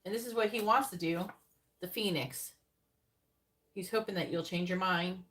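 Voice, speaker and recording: A woman giving a live tarot reading in casual chat. She talks bluntly and swears freely, laughs often, and mutters her card draws in a low, quick undertone. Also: a bit bright. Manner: blunt and profane, with frequent laughter. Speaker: psychic tarot reader.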